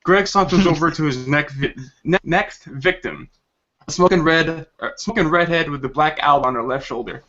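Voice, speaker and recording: A man's voice: a little high, moderate pace, sharp tone, lo-fi sound. Man reading a crude comic story, laughing. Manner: laughs while reading crude lines, stumbles over words. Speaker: podcast host reading a story.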